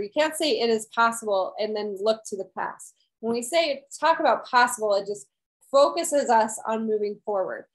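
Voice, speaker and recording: A woman's voice: a little high, low-quality recording. A woman wellness coach giving an earnest, encouraging motivational talk to her viewers, repeating key phrases and often asking "right?".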